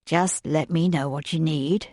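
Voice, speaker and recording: A woman's voice: low-pitched, steady tone, unhurried, darkish tone, dry recording, studio quality. Woman doing a cheeky flirtatious manservant. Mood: teasing. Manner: teasing, suggestive.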